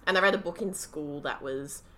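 A woman's voice: deep voice, normal speed, pushed and bright. A woman in her twenties with an Australian accent, co-hosting a casual podcast and rambling with lots of "like" and "um". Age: 20s. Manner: rambling, filler-heavy. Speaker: podcast co-host. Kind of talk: casual chat.

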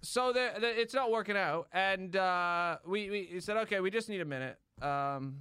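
A man chatting as a podcast guest, telling an animated story and acting out other people's lines. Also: high voice, normal speed, clean tone, dry recording, clean studio sound. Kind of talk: casual chat.

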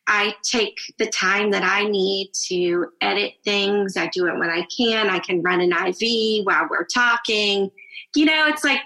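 A woman's voice: mid-range voice, measured pace, bright, forceful tone, poor audio. A woman co-hosting a podcast, talking in an earnest, reflective way in casual chat. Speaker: podcast co-host.

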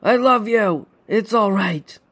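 A man voicing a desperate father trapped in freezing water, perhaps a monster mimicking him, pleading in strained shouts. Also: high-pitched, takes it slowly, pitched above the performer's own voice, heavily acted.

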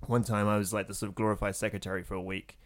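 A man co-hosting a film podcast, telling stories in an animated way and laughing often. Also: on the low side, racing. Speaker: podcast co-host. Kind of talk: casual chat.

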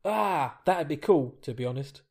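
A man co-hosting a casual podcast, reading out listener comments with lively banter and enthusiasm. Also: on the high side, moderate pace, creaky, husky. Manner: energetic, banter-filled, reading listener messages. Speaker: podcast co-host.

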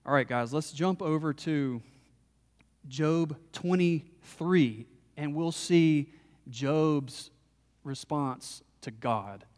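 A man preaching a sermon as a pastor, impassioned and rising to loud emphasis. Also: a little high, very slow, in a large hall.

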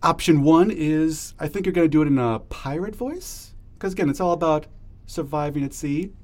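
A man's voice: fairly high pitch, expressive, moderate pace, darkish tone. A man hosting a book podcast, joking wryly and running the segments in a casual way. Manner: wry, jokey, reads out segment options. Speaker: podcast host. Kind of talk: casual chat.

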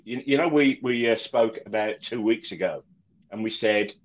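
A man co-hosting a casual fan chat about football, animated and stumbling over his words with many restarts. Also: lowish voice, a little slow, lo-fi sound. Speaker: football podcast co-host.

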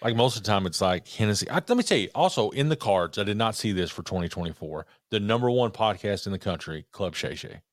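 A man's voice: lowish voice, animated, quick pace, hardly any pauses, no echo, studio quality. A man co-hosting a podcast, talking loosely in casual chat, swearing and trailing off. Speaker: podcast co-host.

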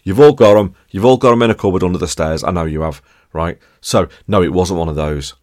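A low-pitched man chats through his podcast monologue. He jokes along and keeps turning to his listeners with quick tag questions. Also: a little mellow. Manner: chatty, jokey, addresses listeners directly with tag questions. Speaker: podcast host.

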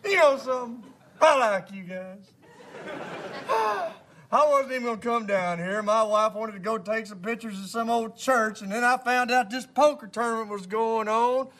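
A man's voice: very high-pitched, moderate pace, fairly bright tone, a little hiss or hum. A man playing a brash, chatty American tourist at a poker table in a comedy sketch.

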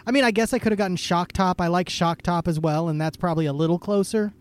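A man's voice: sits high, fast, clean tone. A man from Idaho co-hosting a podcast, chatting casually and joking, with many ums and restarts. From Idaho, USA. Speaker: podcast co-host. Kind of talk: casual chat.

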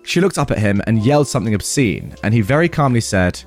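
Animated man narrating a story. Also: lowish voice, fast talker, faint music behind. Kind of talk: reading a reddit story aloud.

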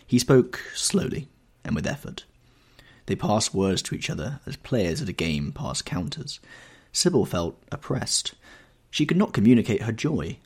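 A man narrating a classic novel as an audiobook in an expressive, measured storytelling manner. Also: lowish voice, creaky, slightly rough.

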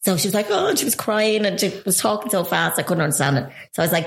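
A middle-aged Irish woman, co-hosting casually, telling a story in a lively way and acting out the quotes. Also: fairly low pitch, racing, few pauses, reverberant. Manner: lively, animated storyteller who acts out quotes.

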